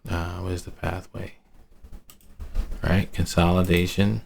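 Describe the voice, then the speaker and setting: A man's voice: sits low, little pitch movement, unhurried, creaky, a little mellow, a little hiss or hum. A man in a casual, rambling screen-share market review who talks to himself, uses city slang and laughs at his own asides. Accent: American urban slang. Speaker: trading analyst.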